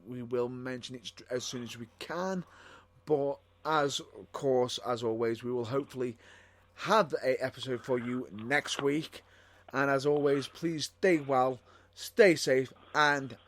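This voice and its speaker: A man co-hosting a wrestling podcast in a casual, rambling way, often repeating himself and restarting lines. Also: mid-range voice. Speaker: podcast co-host.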